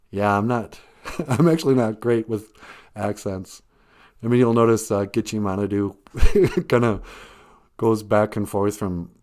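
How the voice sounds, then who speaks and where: A man's voice: mid-range voice, darkish tone. Chuckling male live stream host. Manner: chuckles often, reflective, thinks aloud. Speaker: live stream host reading viewer comments. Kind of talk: casual live stream chat.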